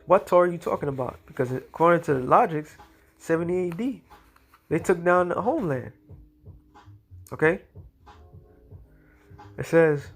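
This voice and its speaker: A man's voice: a little high, faint music behind. Combative man preaching from scripture. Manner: combative, preachy, reads scripture aloud in slow cadence; casual slangy speech, repeats "all right" and "okay". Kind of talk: religious commentary monologue.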